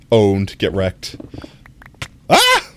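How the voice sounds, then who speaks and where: A man's voice: fairly low pitch, lively intonation, normal speed, a little hiss or hum. A young American man chatting casually on a live stream, reading chat aloud, rambling and often laughing.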